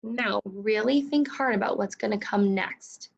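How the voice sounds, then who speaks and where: A woman's voice: mid-range voice, a little slow, creaky, slightly rough, muffled recording. A woman teaching a phonics lesson to second graders, patiently sounding out words and asking for each letter.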